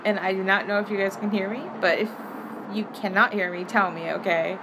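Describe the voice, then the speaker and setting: A woman's voice: medium pitch, fairly even intonation, brisk, background noise. A woman chatting casually on a live stream from her phone at home, giggling often. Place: home apartment. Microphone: phone held up.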